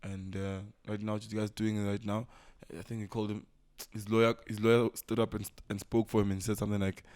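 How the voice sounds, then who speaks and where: A man's voice: lowish voice, brisk, clear, resonant tone. Fired-up South African guy on a podcast. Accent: South African English. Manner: animated, swears a lot, acts out quoted voices. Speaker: podcast co-host. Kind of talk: heated casual podcast chat. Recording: muffled sound from a camera's built-in mic.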